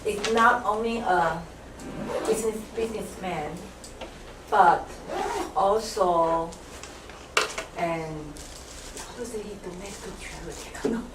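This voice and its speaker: A woman's voice: medium pitch, slow pace, long pauses. A woman student answering in class, hesitant and searching for words. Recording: echoey room, distant mic, background hiss.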